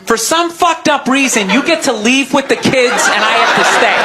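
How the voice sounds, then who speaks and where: Very high-voiced ranting male comic. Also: lively intonation, moderate pace, few pauses, over a noisy crowd. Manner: exasperated ranting delivery. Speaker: stand-up comic. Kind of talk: stand-up routine. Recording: club set with loud audience and noise.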